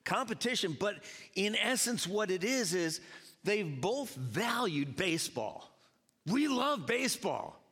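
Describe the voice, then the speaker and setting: A man's voice: high voice, unhurried, husky. A man preaching a sermon to a congregation, chatting with the audience as he goes. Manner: lively, conversational preaching with audience banter. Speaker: pastor. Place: church sanctuary. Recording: long hall reverb.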